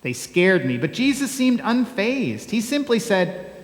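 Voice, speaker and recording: A man speaking as a humble, plainspoken male donkey, folksy and wry, in a slow homey way. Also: high-pitched, big pitch swings, pitched above the performer's own voice. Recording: echoey church hall.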